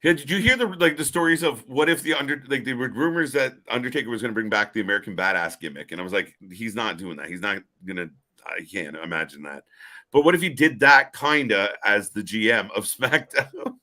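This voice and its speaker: A man's voice: mid-range voice, animated, fairly quick, pushed and bright. A man co-hosting a casual live stream, blunt and profane, laughing often. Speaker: live show co-host.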